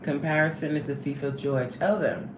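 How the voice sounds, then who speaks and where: A woman hosting a casual livestream, chatting with viewers in a sassy, animated way and laughing often. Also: deep voice, moderate pace, reverberant, noisy background. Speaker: livestream host reading chat.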